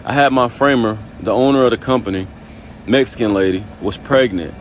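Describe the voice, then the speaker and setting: A man's voice: medium pitch, fairly quick, a little hiss or hum. A man calling in to a podcast with a voicemail, talking in a heated, slangy, profane way. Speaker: caller. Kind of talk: voicemail call-in message.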